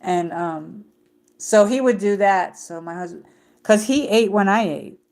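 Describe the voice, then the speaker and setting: This middle-aged livestream host talks in a loose, rambling way, full of fillers and false starts. She speaks at a measured pace in a mid-range voice with a darkish tone.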